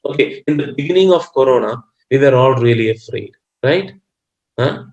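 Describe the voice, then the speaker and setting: A man's voice: medium pitch, animated, normal speed, creaky, darkish tone, lo-fi sound. Teacher man explaining with many fillers. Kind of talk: online class lesson.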